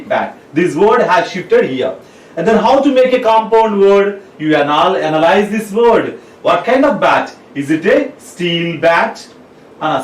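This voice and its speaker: Teacher guy, spells words out letter by letter, echoey room, mic kinda far off. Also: sits high. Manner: slow, spells words letter by letter and repeats them. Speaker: English teacher. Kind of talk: classroom lecture. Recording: roomy, mic at a distance.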